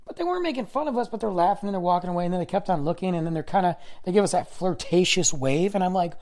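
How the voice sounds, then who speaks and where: A man's voice: high-pitched, rapid-fire. A man casually telling a rambling story on his vlog, correcting himself as he goes and acting out what people said. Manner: animated, rambling, self-correcting, acts out quoted dialogue.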